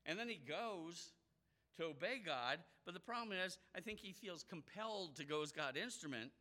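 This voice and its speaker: A man delivers an animated sermon, acting out the voices of the people he quotes. His voice is high and his pace moderate.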